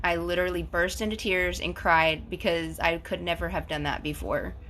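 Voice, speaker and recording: A woman's voice: on the low side, steady tone, moderate pace, a bit bright, slight background noise. A woman in her forties chatting effusively on a phone live stream, reading out viewers' comments as host. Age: 40s. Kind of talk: casual live-stream chat.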